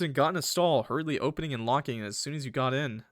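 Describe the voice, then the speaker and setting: Excitable young man reading a visual novel. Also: medium pitch, rapid-fire, few pauses, dry recording, clean studio sound. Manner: excitable, swears and yells in reaction. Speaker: gaming video creator. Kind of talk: reading a visual novel aloud with live reactions.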